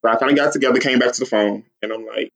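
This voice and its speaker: A man telling a long, excited story in casual chat, acting out quotes and laughing often. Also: rapid-fire, gravelly. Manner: excitable, acts out quotes with big pitch jumps. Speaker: guest, superfan.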